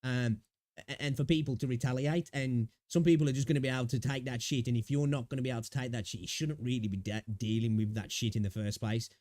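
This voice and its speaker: Fast-talking, sweary streamer. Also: male voice, mid-range voice, steady tone, a little mellow, dry recording. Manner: rambling and sweary, many fillers. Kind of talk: casual live-stream chat.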